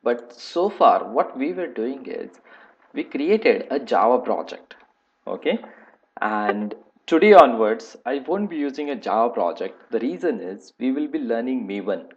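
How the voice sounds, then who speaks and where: A man runs a live online class on software testing and moves through it in a halting, repetitive way, filling his pauses with hesitant sounds. His pitch sits in a middling range. The sound is dull and lo-fi, as if it came through a computer mic on a call. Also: sing-song. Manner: halting, many "uh" fillers, repeats points.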